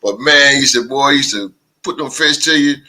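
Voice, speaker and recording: A man hosting a podcast, telling stories in a casual chat with animated delivery and big laughs. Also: mid-range voice, poor audio. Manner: animated storytelling, drawn-out laughs. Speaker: podcast host.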